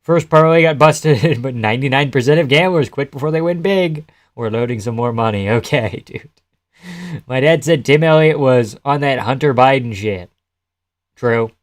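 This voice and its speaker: This is casual live-stream commentary from a young man with a typical mid-range male pitch, talking at normal speed. He laughs often, curses without restraint, and responds to chat messages between comments.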